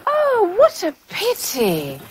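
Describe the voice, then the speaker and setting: An actress playing a cheerful, coaxing English expat hostess. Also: female voice, extremely high pitch, huge pitch swings, slow, a little hiss or hum, heavily acted. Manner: bright, coaxing. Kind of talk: TV drama acting.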